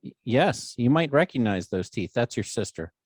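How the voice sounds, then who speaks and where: A man hosting a casual podcast, ribbing his co-host in a dry, deadpan way. His voice sits mid-range and sounds close and dry, with no room echo. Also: medium pitch, normal speed, breathy edge. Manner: teasing, deadpan joking.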